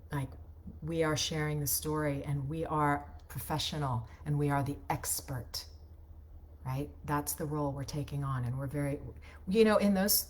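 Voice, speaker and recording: A woman coach talks through voiceover tips in a loose, conversational way, in a slightly low voice. She keeps checking in with tag questions and doesn't polish every phrase. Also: a little mellow. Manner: chatty, ends points with tag questions; loose, unpolished delivery with restarts. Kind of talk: casual on-camera teaching.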